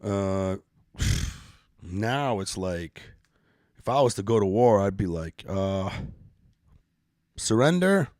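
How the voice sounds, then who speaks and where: Profane, low-voiced man hosting a podcast. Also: slow pace, pauses often, darkish tone, no echo, clean studio sound. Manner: loose, profane, joking banter. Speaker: podcast host. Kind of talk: casual live-stream podcast chat.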